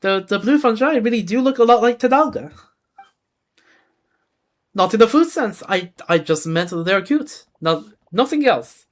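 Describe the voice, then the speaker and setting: A woman voicing a gentle, small female fairy-like creature in a game, speaking softly and sweetly. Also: mid-range voice, sing-song, quick pace, voice pushed up.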